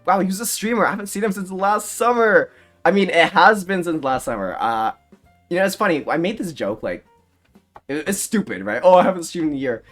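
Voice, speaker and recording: A man's voice: sits high, animated, a little fast, fairly bright tone, faint music behind. A young man streaming live, chatting casually in a rambling, self-mocking way and laughing often. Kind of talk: casual livestream chat.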